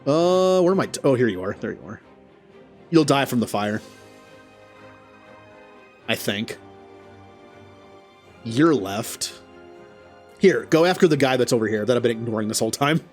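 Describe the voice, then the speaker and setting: Man, gameplay commentary, excitable, yelps at setbacks, talks to the characters, faint music behind. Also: mid-range voice, moderate pace, long pauses. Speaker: gaming channel host.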